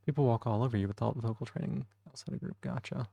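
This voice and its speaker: A man streaming live in casual chat, soft-spoken and rambling as he reads the chat aloud. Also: medium pitch, steady tone, fast talker, vocal fry, no room sound.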